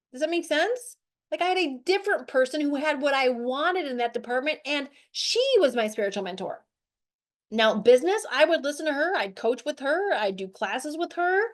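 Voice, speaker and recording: A middle-aged woman hosting a weight-loss show, giving an animated, chatty motivational talk to her group. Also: high voice. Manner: animated, chatty, with lots of "like" and "right?".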